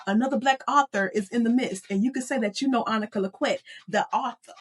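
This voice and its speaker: A woman's voice: mid-range voice, a little fast, husky. A woman hosting a motivational podcast, talking directly to her listeners and calling them y'all, moved almost to tears. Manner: animated, addresses listeners as y'all. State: emotional, near tears. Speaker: podcast host and author.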